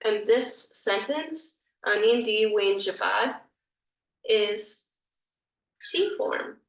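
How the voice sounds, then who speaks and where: A woman talks slowly through a grammar lesson, often pausing to think aloud and searching for a better way to explain. Her voice sounds roomy and a little distant from the mic. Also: mid-range voice, vocal fry. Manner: thinking aloud, hesitant, apologetic. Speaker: language teacher.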